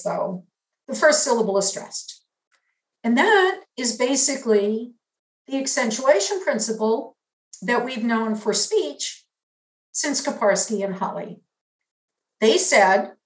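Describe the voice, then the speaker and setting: Woman lecturer, slightly high voice, unhurried academic delivery, roomy reverb. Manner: measured, explanatory, demonstrating signs. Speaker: linguistics lecturer.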